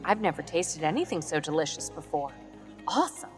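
A woman's voice: sits low, brisk, big-room sound, faint music behind. A woman voicing a delighted tribeswoman who gushes over the taste of a soup. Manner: excited, gushing.

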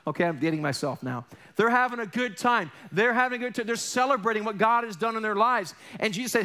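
A male pastor delivering a sermon with lively, animated energy, slipping into the voices of the people he quotes. His voice sits high and sounds bright. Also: fast, hardly any pauses.

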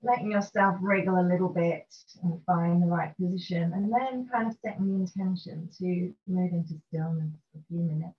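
A woman teaching a restorative yoga session, guiding gently and calmly through poses and breathing. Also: lowish voice. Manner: gentle, slow and soothing guidance. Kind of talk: guided restorative yoga instruction. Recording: dull lo-fi recording with faint noise.

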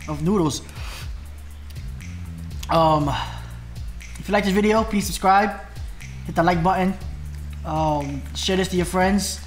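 Man groaning through a spicy mukbang. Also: high voice. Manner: groaning and exclaiming between bites. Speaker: vlogger. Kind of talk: casual mukbang vlog.

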